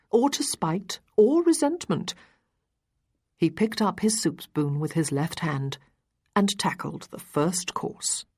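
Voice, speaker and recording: Low, husky woman narrating. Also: dark tone. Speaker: audiobook narrator. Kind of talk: scripted narration.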